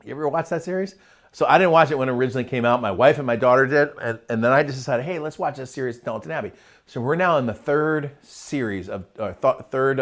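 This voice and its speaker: A middle-aged man hosting a live motivational talk, chatty and energetic, with asides to his online chat. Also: medium pitch. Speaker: host of a live motivational show.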